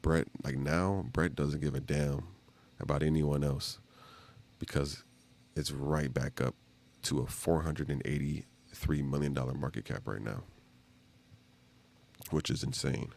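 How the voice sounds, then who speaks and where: A man's voice: a bass voice, steady tone, a little slow, gravelly, darkish tone. A man hosting a casual live stream, rambling loosely with slang and lots of fillers.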